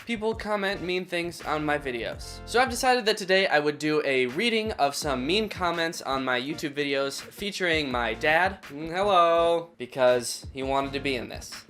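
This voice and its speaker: A man's voice: a little high, animated, normal speed, few pauses, fairly bright tone, faint music behind. A young man hosting a comedy video, reading mean comments with sarcastic, playful asides. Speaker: comedy YouTuber host.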